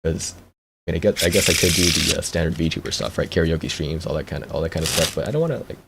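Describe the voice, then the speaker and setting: Deep gravelly young man rambling on stream. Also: fast, very noisy. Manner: rambling, laughs often, repeats words. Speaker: VTuber streamer. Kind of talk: casual stream chat.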